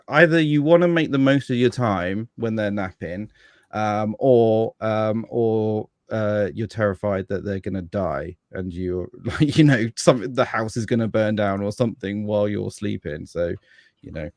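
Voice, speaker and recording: A man's voice: on the low side, normal speed, a little mellow, dry recording. A man chatting casually as a podcast guest about fatherhood, rambling with many restarts and fillers.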